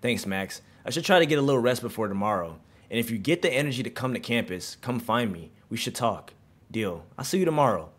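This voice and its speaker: A young man casually commentating on a video game, excitable and slangy, reading in-game texts aloud. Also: medium pitch, a little fast. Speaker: gaming streamer. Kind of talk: casual let's-play commentary.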